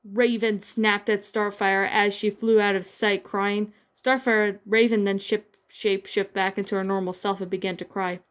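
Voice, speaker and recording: A woman narrating fan fiction in a plain, halting read with small restarts. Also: medium pitch, level tone, smooth. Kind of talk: amateur fan-fiction reading.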